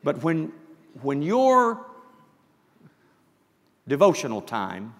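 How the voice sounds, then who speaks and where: A man preaching a sermon, swinging from soft, quiet asides up to loud shouted passages. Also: on the high side, wildly swooping pitch, drawn-out words, long reverb tail. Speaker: pastor.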